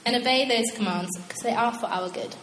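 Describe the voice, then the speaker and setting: A young woman preaching a casual, animated sermon, chatty and quick to laugh at her own asides. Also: a little high, slight background noise. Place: church hall. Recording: echoey hall with long reverb.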